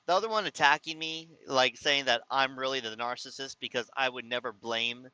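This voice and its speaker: A man's voice: medium pitch, a little fast, sharp tone, clean tone, dry recording, highs cut off. A man telling a personal story to his viewers in a casual, rambling way, often exasperated and restarting his sentences. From California. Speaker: vlogger.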